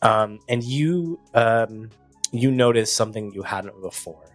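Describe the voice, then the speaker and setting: Low, easygoing male game master. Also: expressive, unhurried, no echo, soft background music. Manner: loose, filler-heavy narration. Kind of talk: narrating a tabletop game.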